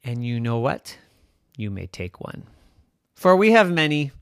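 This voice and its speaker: A man voicing a calm, wise ghost who patiently explains things in a bedtime story. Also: mid-range voice, unhurried, clear, resonant tone, no echo, studio quality, pitched above the performer's own voice. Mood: explaining.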